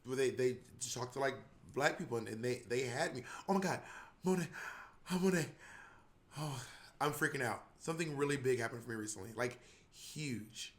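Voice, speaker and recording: A man co-hosting a podcast in casual chat, animated and laughing, often acting out voices. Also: mid-range voice, normal speed. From not from New York. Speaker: podcast co-host.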